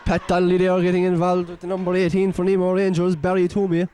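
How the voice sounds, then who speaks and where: An Irish man giving excitable, partisan local commentary on a football match, exclaiming and scolding the players. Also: high voice, quick pace, clear, resonant tone.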